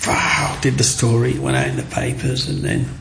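A man's voice: mid-range voice, brisk, slight background noise. A middle-aged man, telling his life story in an interview and acting out the people in it. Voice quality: gravelly. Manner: animated, acts out voices in his stories.

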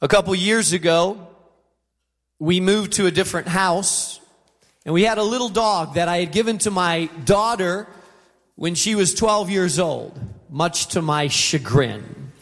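A man's voice: high-pitched, unhurried, fairly bright tone. A middle-aged man preaching a sermon to an auditorium, telling a story and acting out the voices of the people in it. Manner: storytelling, acts out quoted voices. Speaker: pastor. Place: large auditorium. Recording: long hall reverb.

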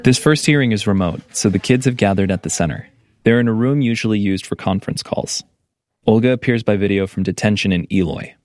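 A man narrating a documentary report as the reporter, in a measured, calm storytelling manner. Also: fairly low pitch, dry recording. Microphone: studio voice-over mic.

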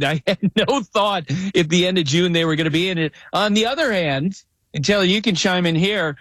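A man with a high, fairly bright voice hosts a casual sports podcast chat at normal speed, with no echo. He's conversational and tells stories, frequently restarting his sentences.

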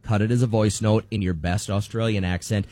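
A man's voice: lowish voice, steady tone, a little fast, warm tone, soft background music. A man co-hosting a morning radio show, explaining a contest with upbeat, repetitive instructions.

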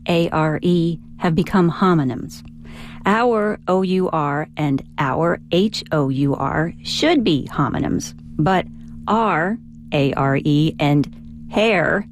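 A woman co-hosting a radio show reads listener emails aloud. She speaks in a lowish, measured voice and spells out words slowly. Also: a little hiss or hum. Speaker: radio co-host reading listener mail. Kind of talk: casual radio chat.

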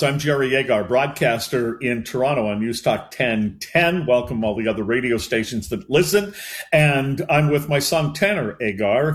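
An older man hosting a casual radio talk show, relaxed and joking. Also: medium pitch. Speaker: radio host.

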